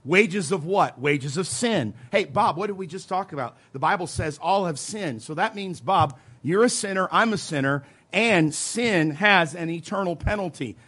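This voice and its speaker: A man preaching a teaching sermon, emphatic, slowing down to stress scripture phrases, with folksy asides. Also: sits high, lively intonation, fairly bright tone, breathy edge. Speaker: preacher teaching soul-winning. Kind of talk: sermon teaching with role-played witnessing.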